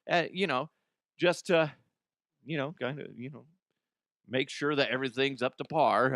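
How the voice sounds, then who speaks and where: A man's voice: a little high, normal speed, bright, forceful tone, no room sound, studio quality. A man hosting a comedic news show, rambling bluntly through headlines, swearing and laughing at his own jokes. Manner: casual, blunt, frequent restarts. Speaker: host.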